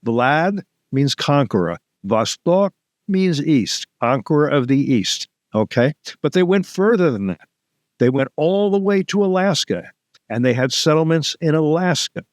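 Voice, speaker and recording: A man's voice: lively intonation, a little slow, no echo. Emphatic man, dry close mic. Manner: emphatic, acts out quotes with rising pitch. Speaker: guest, policy think tank founder. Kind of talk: interview, political commentary.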